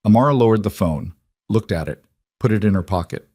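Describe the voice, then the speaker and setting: Low-voiced man narrating a dramatic story. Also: no room sound, clean studio sound. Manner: measured, even storytelling.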